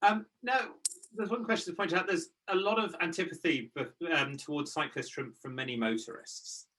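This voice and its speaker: A male host with a fairly high, bright voice, reading out audience questions to his guest. He hesitates often and fills his pauses with "um". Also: poor audio. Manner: hesitant, filler-heavy questioning. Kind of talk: hosted Q&A.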